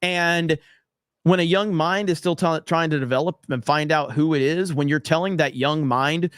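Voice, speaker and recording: A man hosting a livestream, reading viewer comments in an animated, blunt, profane way. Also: on the high side, normal speed, clear, resonant tone, dry recording, studio quality. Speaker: livestream host.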